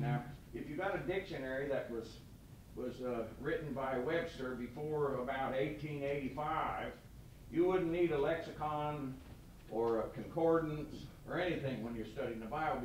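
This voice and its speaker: Man, folksy quick storytelling, devotion at a meeting, faint rumble behind. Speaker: state representative giving a devotion. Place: meeting room. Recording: echoey room from far off.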